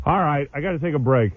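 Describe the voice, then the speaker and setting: A man's voice: mid-range voice, slightly rough, dry recording. A man hosting a radio show, telling self-mocking stories in casual on-air banter. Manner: animated, self-mocking storytelling. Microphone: studio microphone. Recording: narrow phone-like radio broadcast audio.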